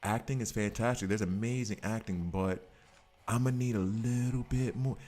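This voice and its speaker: A man streaming a game, chatting casually in a rambling, jokey way. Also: on the low side. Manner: animated, rambling, jokey, breaks into quick voices. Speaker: gaming streamer. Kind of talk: casual chat while gaming.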